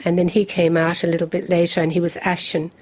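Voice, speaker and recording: A woman in her seventies tells her story to an interviewer. Her voice sits a little low, and she walks through events step by step in a measured, detailed way. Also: flat delivery, a little mellow. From England. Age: 70s. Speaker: guest. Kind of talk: recounting a personal memory in an interview.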